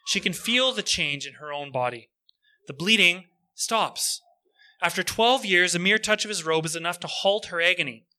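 Male preacher, earnest sermon storytelling, bright and ringing tone. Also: high-pitched. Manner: earnest, slows down for emphasis.

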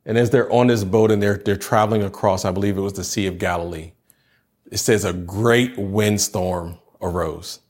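Earnest low-voiced man preaching a sermon. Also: steady tone, normal speed, a little mellow. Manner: earnest, repetitive preaching cadence. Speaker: pastor.

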